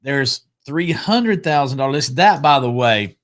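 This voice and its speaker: A man's voice: mid-range voice, expressive, moderate pace. A man hosting a casual talk show, chatty, often restarting and repeating his words. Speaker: podcast host. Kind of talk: casual chat.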